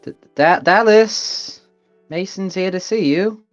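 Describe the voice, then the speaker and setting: A man voicing a brash New York woman in a wobbly attempted Brooklyn accent, with a stammering, strained high voice. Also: takes it slowly, dull audio, faint music behind. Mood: flustered.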